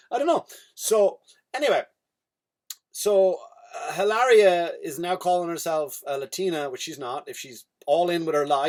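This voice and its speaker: An Irish man, a comedian and podcast host, doing a rambling, profane comedic monologue. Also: sits high.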